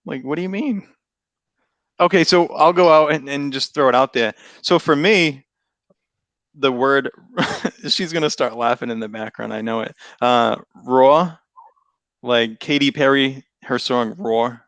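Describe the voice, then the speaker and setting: A man's voice: mid-range voice, measured pace, a bit bright, no echo. A man with a Boston accent hosting a casual chat over a video call, easygoing, laughing often and rambling through restarts. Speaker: podcast host.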